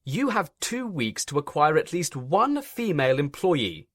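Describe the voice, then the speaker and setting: A man's voice: on the high side, very animated, measured pace, a bit bright, no room sound, clean studio sound, pitched above the performer's own voice, heavily acted. A man voicing a pompous, stern male railway inspector who talks in a fussy, officious way.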